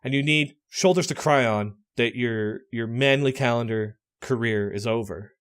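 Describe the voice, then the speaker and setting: A man's voice: medium pitch, normal speed, smooth. A man hosting a podcast party game, telling stories with lots of energy and laughing often. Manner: animated storytelling, laughs often. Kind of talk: casual chat.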